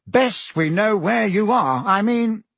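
A man reading aloud puts on a blustering middle-aged wizard minister from a storybook, hearty and bluff but evasive. His voice is pitched well above the reader's own and pushed louder, with a husky edge. The sound is dry and close. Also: animated, takes it slowly, dry recording, exaggerated voice.

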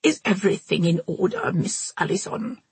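A teasing young man, dry and self-mocking, putting on pompous airs, as a woman reads him in a storybook. The voice stays husky and a little low, recorded close in a dead-quiet space. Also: wildly swooping pitch, moderate pace, no echo, exaggerated voice.

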